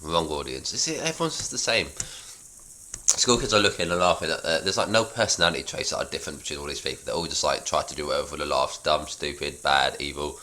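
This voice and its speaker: Dude reading his own script out loud, super deep voice, bright and punchy, rambling asides. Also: quick pace. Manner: rambling, self-deprecating. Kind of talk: casual script read-through with commentary.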